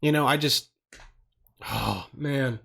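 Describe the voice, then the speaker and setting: A man's voice: medium pitch, slow pace, gravelly, a bit bright. A young man hosting a podcast on his own, rambling in loose, profane casual talk full of slang. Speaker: podcast host.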